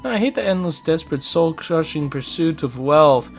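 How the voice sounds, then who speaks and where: A man's voice: fairly high pitch, expressive, moderate pace, faint music behind. A man voicing a grumpy male wraith who rambles through a breathless tirade. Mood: ranting. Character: grumpy male wraith, ranting about society.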